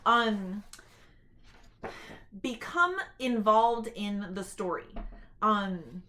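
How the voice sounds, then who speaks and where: This woman's voice is medium in pitch and sharp in tone, with a little hiss or hum in the audio. Speaking informally to camera, she chats and explains her tips for reading aloud to children, with quick demonstrations.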